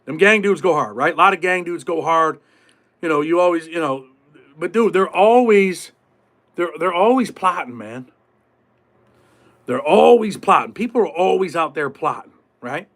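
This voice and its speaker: Middle-aged male host, high voice, casual street talk, salty language. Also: animated, moderate pace, pauses often, fairly bright tone. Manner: streetwise, swearing, acts out prison voices. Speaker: podcast host. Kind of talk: casual live-stream talk.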